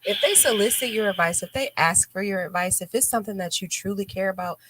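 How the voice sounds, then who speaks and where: A woman's voice: mid-range voice, fast talker, fairly bright tone, a little hiss or hum. A woman hosting a live radio talk show, chatting bluntly and animatedly, acting out quotes as she tells stories. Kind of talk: casual chat.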